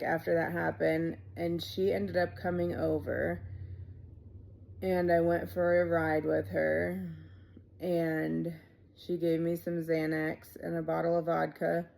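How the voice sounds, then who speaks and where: A woman in her thirties telling her own life story in a casual, halting way, with many fillers and quiet trailing asides. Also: lowish voice, vocal fry. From Ohio, USA.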